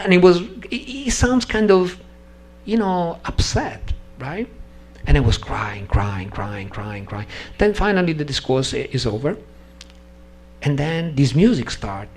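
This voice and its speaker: A man, not a native English speaker, telling a personal story at a devotional gathering, halting and restarting sentences and acting out the dialogue. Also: medium pitch, a little hiss or hum. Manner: animated, acts out dialogue in story.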